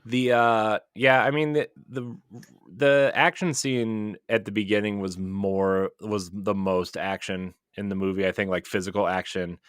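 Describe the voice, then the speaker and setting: A man's voice: lowish voice, little pitch movement, measured pace, clear, resonant tone, no room sound, clean studio sound. A man co-hosting a casual podcast chat, talking enthusiastically and rambling with many fillers and restarts. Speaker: podcast co-host.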